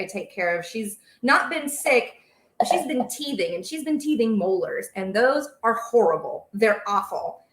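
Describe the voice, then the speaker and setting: A woman's voice: medium pitch, fairly bright tone, reverberant. A young woman hosting a casual baking livestream from her home kitchen, chatting and reading out viewer comments. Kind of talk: casual live-stream chat while cooking.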